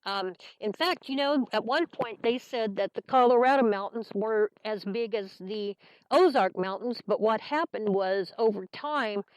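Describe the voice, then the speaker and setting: A woman's voice: mid-range voice, measured pace, no echo, low-quality recording. A woman from Kansas hosting a folksy talk radio show, chatting in a homey, meandering way with lots of fillers.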